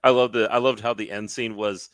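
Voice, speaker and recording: Young male co-host, low voice, chatty, quick to laugh, dead dry sound. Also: no echo. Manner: laughs often, animated quoting of scenes. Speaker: podcast co-host. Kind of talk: casual chat about movies.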